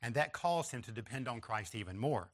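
A man's voice: mid-range voice, expressive, a little fast, a bit bright. A man preaching a sermon, stressing key phrases with emphatic repetition and pointing listeners to an outline. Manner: references an outline and slides to listeners.

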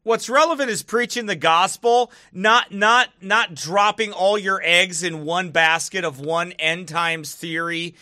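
A man's voice: high-pitched, unhurried, few pauses, sharp tone, no room sound, clean studio sound. A man giving casual commentary to camera, mocking and often laughing between remarks, turning preachy when he gets serious. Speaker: online video commentator.

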